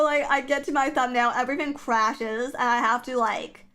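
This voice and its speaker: A woman's voice: a little high, a bit bright. Scratchy-voiced woman rambling on stream. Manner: rambling, filler-heavy chatter. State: scratchy morning voice. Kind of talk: casual livestream chat.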